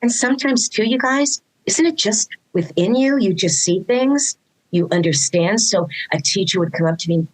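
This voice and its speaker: A woman's voice: mid-range voice, normal speed, low-quality recording. A woman guest in a casual interview, talking about her son, telling stories with lots of restarts and acting out what people said. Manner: animated storytelling, acts out quoted dialogue, frequent restarts. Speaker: guest, mother of a neurodivergent son.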